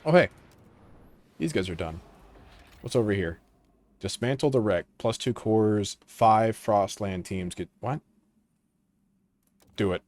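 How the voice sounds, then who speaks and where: Playing a strategy game on his channel, a man with a low voice speaks slowly and pauses often. His casual talk slips into half-muttered remarks and quiet asides as he clicks through choices.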